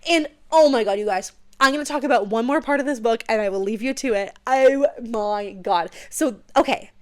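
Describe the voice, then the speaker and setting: A woman's voice: a little high, normal speed. Gushing young woman recapping a book. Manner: gushing, excitable, swears freely, slips into hushed whispers for emphasis. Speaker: podcast host.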